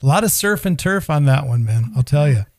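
A man's voice: fairly high pitch, lively intonation, fairly quick, darkish tone, slight background noise. A man in his fifties hosting a casual podcast chat, joking, laughing and trailing off mid-sentence. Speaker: podcast host.

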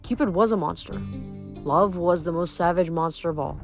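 Brief: woman narrator reading a book, fairly low voice, steady and reflective, soft music under her. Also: moderate pace. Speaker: book reader. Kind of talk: reading a novel aloud.

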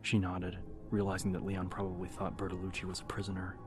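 A man narrating a horror story in a steady, even audiobook style. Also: low-pitched, fast. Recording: music bed under the narration.

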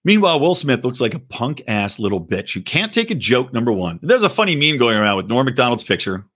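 A man's voice: mid-range voice, big pitch swings, fast, a bit bright. A man hosting a podcast, delivering a profane, mocking opinion rant. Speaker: podcast host. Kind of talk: opinionated commentary.

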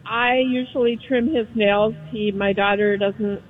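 Older woman, radio caller, hesitant halting speech, tinny phone line, middle pitch. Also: steady tone.

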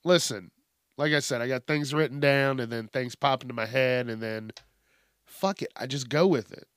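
A man's voice: medium pitch, normal speed, fairly bright tone, smooth, dry recording. A man hosting a podcast, ranting casually in a rambling, profane and self-mocking way. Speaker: podcast host. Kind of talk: casual comedic rant.

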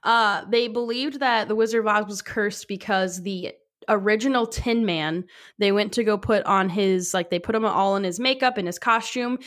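A young woman co-hosting a podcast in easy, casual chat. She talks at a middling pitch, filling pauses with lots of "um" and "like" and laughing often. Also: a bit bright. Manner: chatty, laughs often, many fillers. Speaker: podcast co-host.

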